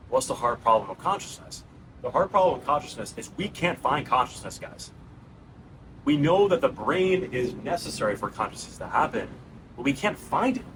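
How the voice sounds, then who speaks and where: A man in his thirties with a New York accent talks straight to his viewers in a raw, unscripted monologue, earnest and casual. His voice sits at an ordinary pitch, and steady background noise runs under the recording. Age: 30s. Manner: earnest, conversational, calls viewers bro and guys. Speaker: channel host. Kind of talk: raw personal monologue to camera.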